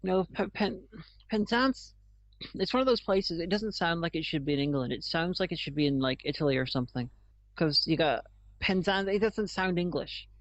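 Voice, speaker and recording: A podcast co-host who explains things in a halting way, often restarting sentences before getting the point out. The voice sits at a middling pitch. The sound is dull and lo-fi. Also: lively intonation. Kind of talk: casual chat.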